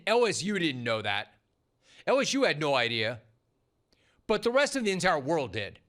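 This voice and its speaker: A man's voice: a little high, bright, forceful tone. A man hosting a sports talk show, delivering a punchy, sarcastic monologue full of rhetorical questions.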